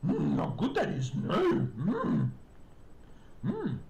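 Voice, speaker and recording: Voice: wildly swooping pitch, slow, creaky, darkish tone, exaggerated voice. Yoda, ancient alien sage, as a streamer puts him on. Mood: cryptic. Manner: backward word order, throaty hums. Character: ancient small male alien Jedi master, wise and cryptic. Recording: echoey room, faint rumble.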